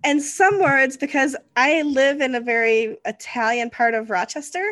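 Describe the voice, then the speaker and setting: A woman in her forties hosting a podcast interview, chatty and quick to laugh. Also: high-pitched, fairly bright tone, no room sound. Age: 40s. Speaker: podcast host. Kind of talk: casual interview chat.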